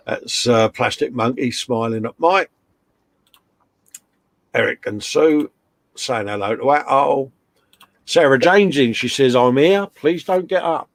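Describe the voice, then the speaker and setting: A British man hosting a relaxed live chat from his home workshop, reading out viewer messages with slangy, teasing banter. His voice sits at a middle pitch. The sound is close and completely dry. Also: slow pace, long pauses, no echo. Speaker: live stream co-host.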